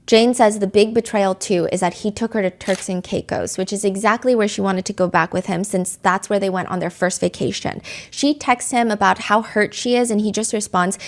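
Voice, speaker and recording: A woman's voice: medium pitch, fairly even intonation, brisk, hardly any pauses. A woman hosting a podcast, telling a court story in a casual, conversational way. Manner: conversational, reads quoted texts aloud with feeling. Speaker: podcast host.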